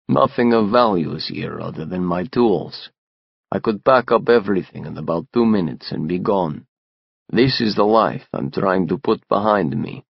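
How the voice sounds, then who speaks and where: A male narrator reads a first-person audiobook in a measured, restrained manner. His voice sits low with a gravelly edge, recorded close and dry with a slightly dull tone. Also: dry recording.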